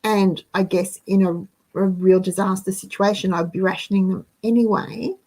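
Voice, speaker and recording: This host speaks in a warm, steady, mid-range voice at a normal speed, though the recording is low quality. Chatty and out of breath, she reads viewer comments aloud while hosting a casual live chat with her audience.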